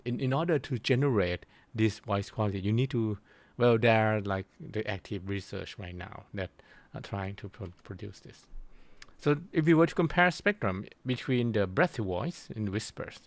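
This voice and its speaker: A man giving a recorded university lecture, explaining slowly and pausing often to search for his words. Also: on the low side, dry recording. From Thailand. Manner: slow, halting explanation with frequent pauses to search for words.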